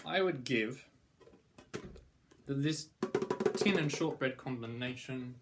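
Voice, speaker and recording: A man's voice: mid-range voice, slow, music in the background. A young man giving a casual product review, rambling and playful, with mock-grand praise.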